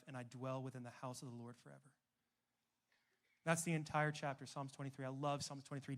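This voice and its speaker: Emphatic young male youth pastor. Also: fairly high pitch. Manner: storytelling, shifts between loud emphatic and soft hushed. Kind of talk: sermon.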